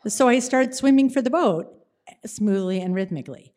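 A woman telling a personal story to an audience, animated and dramatic, slowing down for suspense. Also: on the high side.

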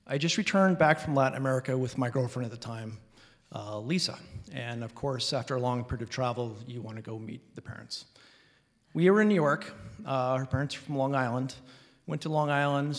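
A man's voice: mid-range voice, a bit bright. A man from Alaska telling a personal story on stage, animatedly acting out relatives' lines. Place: hall before an audience. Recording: reverberant hall.

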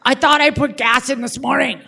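A woman's voice: high voice, steady tone, moderate pace, gravelly, sharp tone, slight background noise, pitched above the performer's own voice, full character voice. A woman voicing her careless, unflappable father, who shrugs off every danger with breezy understatement. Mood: offhand.

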